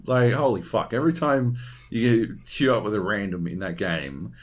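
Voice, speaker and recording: A podcast co-host with a lowish voice talks at normal speed on a casual gaming show. He's animated, swears freely, and acts out what other people said.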